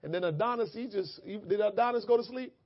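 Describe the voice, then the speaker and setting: A man's voice: sits high, fast talker, lo-fi sound. A man preaching a sermon in church, talking casually and then praying with rising fervor. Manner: conversational preaching building to fervent shouted prayer. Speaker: pastor. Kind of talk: sermon and prayer.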